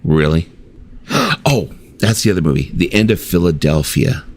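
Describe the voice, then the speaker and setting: A man's voice: sits low, big pitch swings, normal speed. A middle-aged man hosting a casual late-night chat stream, swearing freely and acting out his own reactions as he tells stories. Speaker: stream host.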